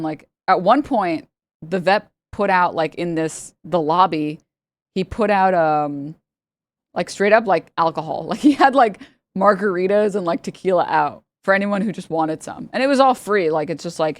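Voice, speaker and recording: A woman's voice: lowish voice, a little slow, no room sound. A young adult woman streamer telling a long story casually, rambling and laughing, acting out the people she quotes. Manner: rambling, animated, laughs often, acts out quotes.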